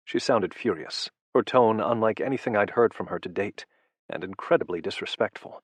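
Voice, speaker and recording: A man reads a first-person audiobook in a low, intimate, measured voice. His tone is husky and sits low. The sound is dry and close, with no room around it. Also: no room sound. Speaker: audiobook narrator.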